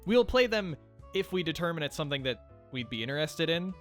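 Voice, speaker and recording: Bright-voiced man co-hosting a game playthrough. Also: a little high, very animated, brisk, soft background music. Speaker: gaming channel co-host. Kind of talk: casual let's play chat.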